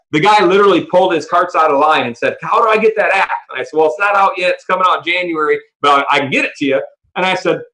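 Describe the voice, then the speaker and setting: On an audio call, a man pitches a business opportunity as an excited storyteller, acting out quoted dialogue, talking fast and restarting sentences when he gets fired up. His voice sits high, and the recording quality is low.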